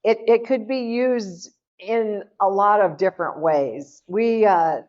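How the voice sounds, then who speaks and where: A woman's voice: mid-range voice, slow pace, a little mellow. A middle-aged woman from Oklahoma giving a chatty, folksy cooking talk to an audience at a health seminar. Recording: dull lo-fi sound.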